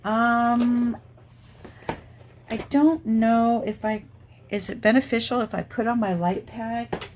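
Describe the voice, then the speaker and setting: A woman's voice: a little high, steady tone, takes it slowly, long pauses, a little mellow, slight background noise. A middle-aged woman hosting a crafting channel, chatting casually and rambling as she thinks aloud while she works on a diamond painting.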